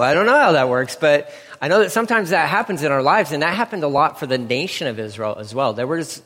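A man teaching through a Bible passage in a relaxed, conversational sermon, full of "man" and "like". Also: mid-range voice. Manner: conversational, uses fillers like "man" and "like". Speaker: preacher. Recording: long hall reverb.

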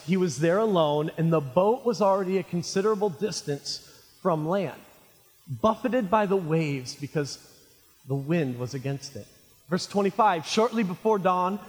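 A male pastor preaching a sermon, animated and jokey, calling his listeners friends. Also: high-pitched. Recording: reverberant hall.

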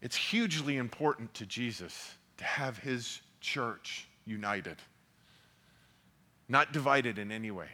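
A man's voice: medium pitch, lively intonation, measured pace, pushed and bright. A man preaching a sermon as pastor, earnest and often repeating words as he builds a point.

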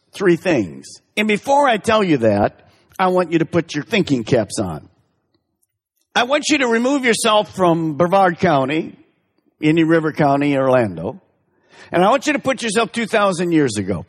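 Pastor guy preaching slow and emphatic, husky voice, big echoey church. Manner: emphatic, drawn-out stresses with big pitch swings. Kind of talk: sermon. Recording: reverberant hall.

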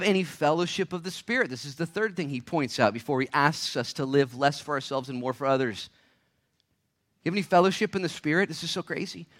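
A man preaching a sermon to a church congregation, impassioned, firing off rhetorical questions and swinging from hushed tones to shouts. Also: high voice. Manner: rapid-fire rhetorical questions. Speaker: pastor. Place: church service.

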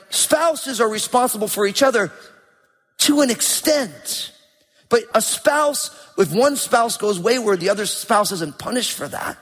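Emphatic high-voiced preacher in a hall. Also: male voice. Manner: emphatic, animated preaching with rhetorical questions. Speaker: pastor. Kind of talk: sermon. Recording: long hall reverb.

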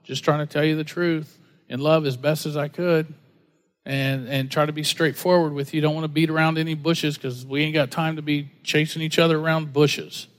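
A man preaching a sermon in a relaxed, joking storytelling way, slipping into other people's voices as he tells a story. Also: a little high, normal speed. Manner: conversational, jokey, acts out quoted voices. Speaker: pastor.

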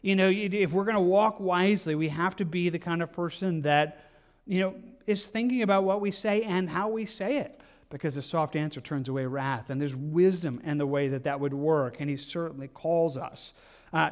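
A man's voice: on the high side, normal speed. A man preaching a sermon in a conversational way, with many asides and restarts. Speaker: pastor.

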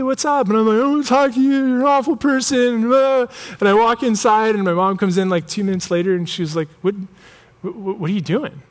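A man's voice: fairly high pitch, fairly bright tone. A young adult man giving a casual, joking sermon, telling a personal story with lots of filler words. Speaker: pastor. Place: church.

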